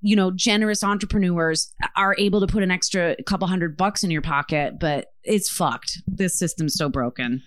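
A woman co-hosting a podcast, chatting casually with impassioned, profane, animated storytelling. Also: fairly low pitch, moderate pace, few pauses, no room sound, clean studio sound. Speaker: podcast co-host. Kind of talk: casual chat.

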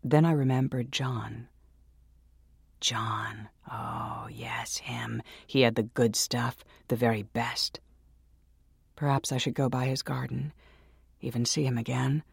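A man narrating a horror story in a slow, hushed and ominous way, close to the mic. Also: medium pitch, fairly even intonation, creaky, slightly rough, dry recording. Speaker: narrator and host.

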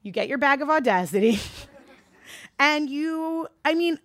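A woman giving a candid, animated talk to a live audience, swearing freely and rising into a high register when worked up. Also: a little slow, dry recording. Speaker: speaker addressing a live audience.

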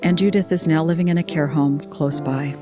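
A woman narrates the close of a podcast in a measured, earnest read. Her voice sits low. Clear guitar music plays under her. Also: steady tone. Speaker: podcast host and nursing professor. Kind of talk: scripted narration.

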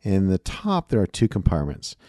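A man with a low, mellow voice talks through a rambling, playful solo show. He pokes fun at himself as he chats. The sound is dry and close, with no room echo. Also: wildly swooping pitch, moderate pace. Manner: rambling, playful, self-deprecating. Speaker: podcast host. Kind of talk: casual solo chat.

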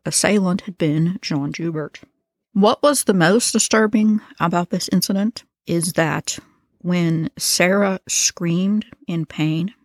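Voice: mid-range voice, no room sound, studio quality. A narrator retelling a crime case in a casual, conversational way with slangy asides.

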